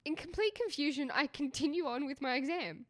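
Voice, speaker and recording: A young woman with a high, bright voice that swoops up and down as she tells stories. She giggles her way through a casual podcast chat, reading a listener's dream aloud. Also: animated, brisk. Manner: giggly, bouncing between storytelling and laughter. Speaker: podcast co-host.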